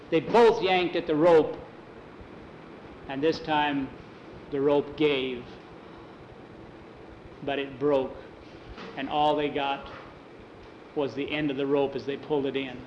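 A man's voice: on the high side, steady tone, slow, long pauses, a little mellow, roomy sound, muffled recording, slight background noise. A man telling an improvised adventure story aloud in a casual way, with restarts and many "he said"s. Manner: casual, repeats "he said", restarts words.

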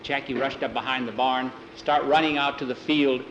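A man telling a story aloud in plain, unhurried narration, acting out the dialogue. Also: mid-range voice, fairly even intonation, a bit bright, reverberant, lo-fi sound, slight background noise. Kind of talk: oral storytelling.

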